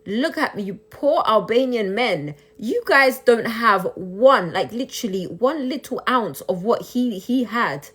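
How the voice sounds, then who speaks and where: A woman's voice: fairly high pitch, animated, fairly bright tone. A young woman on a phone live stream, reading and answering viewer comments, shifting into taunting, indignant rhetorical questions. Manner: switches between English and Albanian, taunting and indignant; rapid, repetitive rhetorical questions. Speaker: livestreamer.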